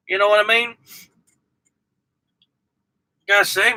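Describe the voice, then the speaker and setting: Southern trucker guy rambling on to his chat, folksy, kinda high and real bright tone. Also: normal speed, rough recording. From Southern United States. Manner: rambling, folksy, addresses viewers by name. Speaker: truck driver vlogger. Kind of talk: casual live chat with viewers.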